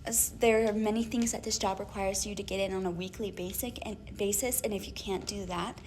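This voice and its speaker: A young woman co-hosting a casual chat podcast, telling an animated story with lots of laughs and acted-out emails. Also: mid-range voice, brisk, a little hiss or hum. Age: young adult. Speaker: podcast co-host.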